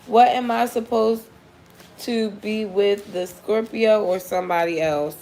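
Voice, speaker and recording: A woman's voice: mid-range voice, steady tone, a little slow, a little mellow, faint music behind. A woman giving a casual live tarot reading for viewers, blunt and profane, often laughing as she talks. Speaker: tarot reader.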